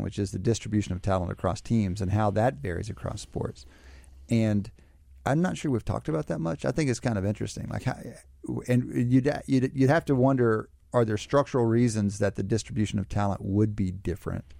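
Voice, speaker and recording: Low gravelly guy cohosting a sports podcast, asks lots of questions, dark tone. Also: fairly quick, no echo. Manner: probing, asks questions, thinks aloud. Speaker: podcast co-host. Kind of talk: casual sports chat.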